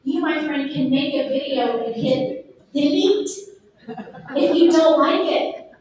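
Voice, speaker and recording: A middle-aged woman with a Texan accent gives a lively, emphatic motivational talk, speaking straight to the audience. Her voice sits high, and it rings through a very echoey room. The mic catches her from a distance, with faint noise underneath. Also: takes it slowly. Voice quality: lively and emphatic, addressing the crowd directly. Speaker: speaker at a real estate event. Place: event room.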